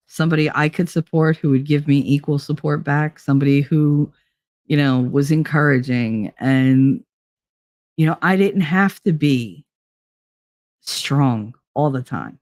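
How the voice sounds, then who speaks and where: A woman's voice: deep voice, a little mellow, dry recording, studio quality. A woman in her forties hosting a casual live-chat show, chatty and teasing, laughing often as she reads comments. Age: 40s. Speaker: host.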